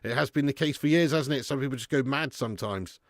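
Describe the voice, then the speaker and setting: A man hosting a live football watch-along, chatting casually, reading out viewer messages, and swearing loudly when his team concedes. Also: mid-range voice, fast. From England. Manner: excitable, swearing, chatty and laddish.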